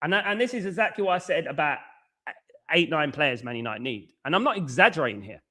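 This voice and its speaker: A man hosts a live football stream. His voice sits high and sounds forceful. He talks casually and keeps repeating himself as he greets viewers. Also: animated, brisk. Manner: repetitive, conversational, greets viewers by name. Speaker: football channel host. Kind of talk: live-stream football talk, reading chat.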